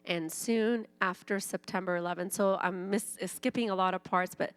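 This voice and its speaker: A woman's voice: medium pitch, normal speed, smooth, no echo. Iranian-born woman telling her testimony. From Iran. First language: Farsi. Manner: animated storytelling, acting out quoted voices. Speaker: church speaker. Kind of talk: personal testimony.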